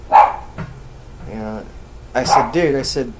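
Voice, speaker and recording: A man's voice: medium pitch, normal speed, very noisy. A man, a podcast host, casually telling a ghost story with heavy swearing and acting out the quoted dialogue. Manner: profane, animated, acts out quoted dialogue.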